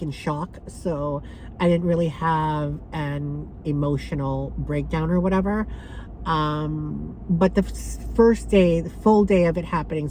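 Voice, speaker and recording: A young woman vlogging to camera, soft and halting with many pauses and fillers, emotional and close to tears. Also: deep voice, slight background noise, poor audio. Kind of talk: personal vlog talking to camera.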